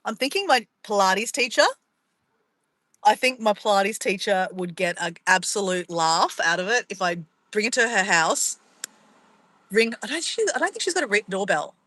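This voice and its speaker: A woman vlogger telling a funny story to her viewers, animated and laughing, swearing freely. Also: medium pitch, moderate pace, no echo, poor audio. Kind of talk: casual storytelling to camera.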